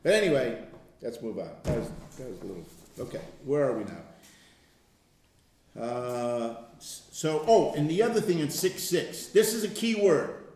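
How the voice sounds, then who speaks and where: A man's voice: mid-range voice, animated, normal speed, darkish tone, slight background noise. An older man leading an informal Bible study, telling stories in a conversational way and laughing often. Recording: very echoey room.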